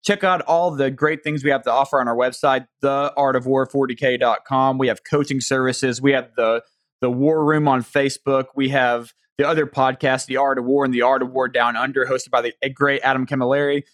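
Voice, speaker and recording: A man's voice: medium pitch, steady tone, a little fast, a bit bright, no room sound, clean studio sound. Southern man hosting a podcast. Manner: friendly, reads listener questions aloud. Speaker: podcast host.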